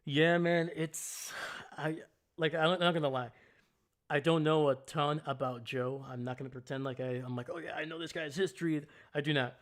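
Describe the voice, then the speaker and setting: A man's voice: steady tone, normal speed. A man hosting a casual football livestream, rambling through thoughts and chatting with viewers as he goes. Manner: rambling and chatty, greets chat loudly with pitch jumps. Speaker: livestream host. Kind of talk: casual live sports chat with viewers.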